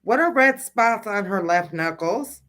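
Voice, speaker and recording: A woman's voice: medium pitch, lively intonation, unhurried, fairly bright tone. A middle-aged woman, a grieving mother, talking casually on a livestream and insistently reading out a list of questions. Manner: blunt and insistent, pressing question after question.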